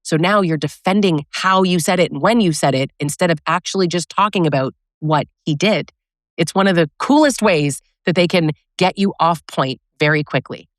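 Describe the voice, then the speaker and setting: Speaking to camera at a moderate pace in a lowish voice, a female relationship coach delivers a frank, conversational lesson peppered with rhetorical questions. The recording is clean and studio-quality, free of echo.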